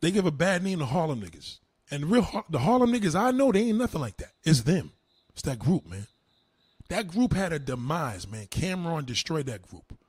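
A man's voice: on the high side, very animated, moderate pace, slightly rough, no echo. Combative man ranting on a livestream. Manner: loud, combative, profane, mocking. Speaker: livestreamer reacting to chat. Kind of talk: live-stream rant.

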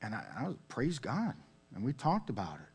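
A man's voice: mid-range voice, a little fast, husky. A man preaching a sermon in a conversational way, often checking in with "okay?" and "all right?". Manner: conversational, animated, with frequent "okay?" asides. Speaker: pastor.

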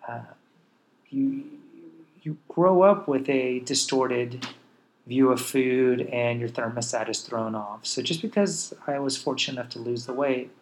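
A man from Texas speaks in a reflective, personal vlog, his pitch sitting in an ordinary middle register. He takes his time, pausing and restarting now and then as he recounts his own past. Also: poor audio. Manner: reflective, unhurried, with pauses and restarts. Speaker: vlogger. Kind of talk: personal storytelling.

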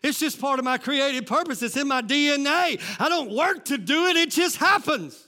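A man preaching a sermon as lead pastor, calling out to the congregation and shouting rising lines. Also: extremely high pitch, moderate pace.

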